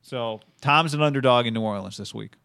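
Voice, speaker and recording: A man hosting a casual sports betting show, walking through odds and stats in a measured, even way. His voice is mid-pitched and sounds dry and close. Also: creaky, smooth, no echo. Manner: measured, reads stats and lines. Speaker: sports betting podcast host.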